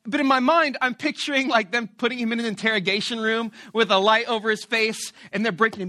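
A man preaching a sermon who tells a story about himself in an animated, playful and self-mocking way. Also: extremely high pitch, fast, few pauses, dry recording, studio quality. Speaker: pastor.

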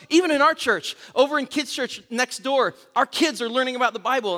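A man's voice: very high-pitched, bright, forceful tone. A man preaching a conversational sermon as a pastor, telling stories with self-mocking humor and asking rhetorical questions. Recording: reverberant church hall.

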